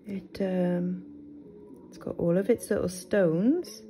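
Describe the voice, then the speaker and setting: A woman's voice: lowish voice, slow pace, mellow, low-quality recording. A British woman chatting to her viewers as she unboxes things, exclaiming over each find. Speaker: vlogger. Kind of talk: casual unboxing chat. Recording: rustling packaging noise.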